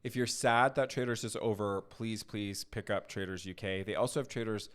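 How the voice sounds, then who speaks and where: Smooth low-voiced man chatting. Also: steady tone, moderate pace. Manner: chatty, opinionated reality-TV recapping. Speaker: podcast co-host. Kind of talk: casual chat.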